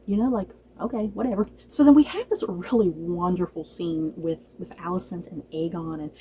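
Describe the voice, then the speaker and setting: A woman casually reviewing a TV episode, chatty and animated, laughing often and acting out lines from the show. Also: lowish voice, normal speed, slight background noise, rough recording. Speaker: book and TV reviewer.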